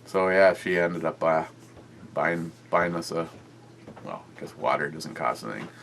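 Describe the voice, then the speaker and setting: A man with a very low voice talks casually into his camera for a beer-review vlog. He rambles, trails off and restarts his sentences, padding them with fillers. A faint hum sits underneath. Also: moderate pace, a bit bright.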